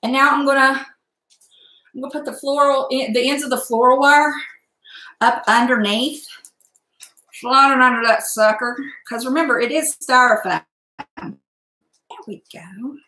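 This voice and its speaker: A woman's voice: sits high, fairly even intonation, moderate pace, long pauses, pushed and bright. A middle-aged woman chatting casually while she makes a wreath at home, blunt and talkative with mild cursing. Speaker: crafting vlogger. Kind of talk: casual crafting livestream chat. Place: home room, indoors. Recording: echoey room sound.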